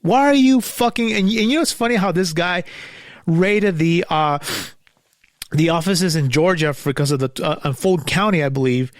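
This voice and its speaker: A young man ranting angrily and profanely in a solo commentary, repeating himself and sometimes yelling. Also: on the high side, normal speed, dry recording, studio quality. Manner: angry, profane, repeats himself, yells at times. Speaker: podcast host.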